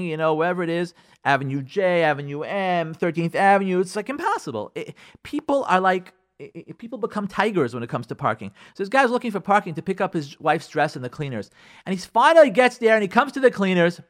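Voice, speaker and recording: A man's voice: high-pitched, a little fast. A male radio show host telling a story on air in a rambling, conversational way, acting out the dialogue of the people in it. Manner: animated, acts out quoted dialogue in the stories; rambling, with frequent fillers and restarts.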